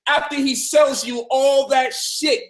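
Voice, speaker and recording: Brief: man, higher pitch, forceful profane preacher, roomy echo. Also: fairly even intonation, takes it slowly. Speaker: speaker in a debate. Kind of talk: heated discussion.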